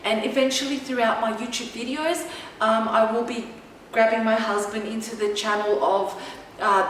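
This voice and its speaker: A woman's voice: on the high side, a bit bright, far from the mic. A woman vlogger telling a personal story to camera in an emphatic, chatty way, often checking in with the listener. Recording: very echoey room, voice from afar, faint noise.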